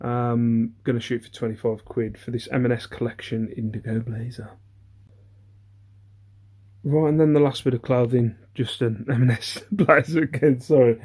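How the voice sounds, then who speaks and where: A man's voice: mid-range voice, steady tone, normal speed, darkish tone, slightly rough. Bloke rambling through his haul, chatty, ums everywhere, laughs at himself. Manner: chatty, rambling, self-deprecating, many ums. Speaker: eBay reseller. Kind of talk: casual haul vlog.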